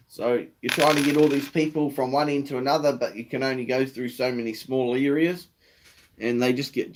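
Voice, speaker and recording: A man's voice: medium pitch, slight background noise. A man with a New Zealand accent hosting a casual live stream, laid-back, swearing freely and answering viewer comments.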